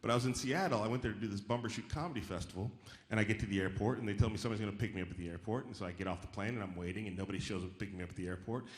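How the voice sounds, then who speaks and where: A man performing a stand-up comedy set on stage, animated and acting out the voices of the people in his stories. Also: on the low side, very fast, echoey room. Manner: animated, acts out quoted voices. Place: theater stage before a live audience.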